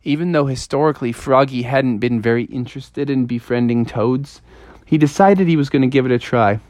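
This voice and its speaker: A woman telling a playful, improvised story to a child, in a lively storytelling manner. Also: extremely low pitch, fairly quick.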